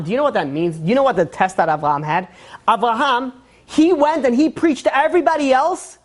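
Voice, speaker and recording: A woman giving a religious lesson, telling stories in an animated way and acting out the quotes, with lots of repetition and fillers. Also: high-pitched. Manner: fast, repetitive speech with fillers. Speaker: Torah teacher.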